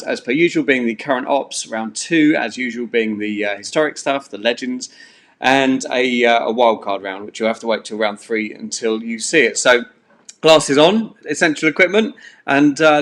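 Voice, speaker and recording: A man's voice: medium pitch, a bit bright. A man, hosting a live-streamed pub quiz from a bedroom at home in a chatty, rambling way full of fillers. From England. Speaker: quiz host.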